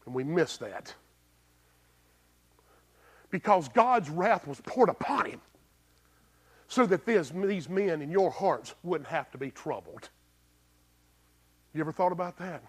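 A man preaching with a slightly raised pitch, his delivery swinging from loud, emphatic bursts down to hushed, low lines. He talks plainly and folksily, throwing rhetorical questions at his listeners. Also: expressive, measured pace, pauses often, husky. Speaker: pastor. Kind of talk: sermon.

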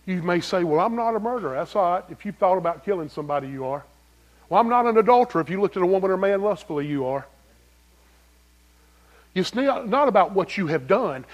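Pastor, male, high lively voice, folksy preaching, direct questions to the pews. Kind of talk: sermon.

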